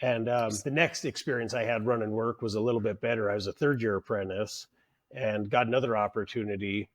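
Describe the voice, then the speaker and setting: A man with a lowish voice tells stories fairly quickly as a podcast guest and union leader, animated and swearing freely. In this casual interview he acts out the bosses he quotes.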